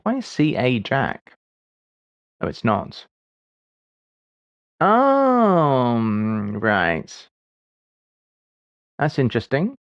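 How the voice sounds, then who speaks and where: A man's voice: medium pitch, huge pitch swings, slow, pauses often, no echo, muffled recording. A man in his forties streaming live, musing aloud as he solves puzzles, with wry, self-deprecating asides. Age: 40s. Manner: muses aloud while solving puzzles. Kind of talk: casual livestream chat.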